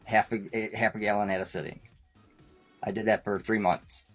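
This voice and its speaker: Low-voiced man telling a rambling story. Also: flat delivery, normal speed, soft background music. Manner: rambling, laughs often, acts out quotes. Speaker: talk show guest. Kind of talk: casual storytelling.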